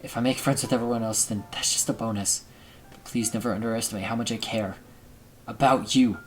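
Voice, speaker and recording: A man's voice: medium pitch, steady tone, a little fast, faint music behind, lightly acted. A man reading aloud the lines of a caring teenage boy, the protagonist of a visual novel, in an earnest, pleading way. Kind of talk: reading game dialogue aloud.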